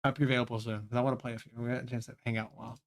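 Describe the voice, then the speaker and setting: A man's voice: mid-range voice, flat delivery, very fast, creaky. A young man chatting casually on a live stream while playing a game, swearing freely and laughing often. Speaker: livestreamer.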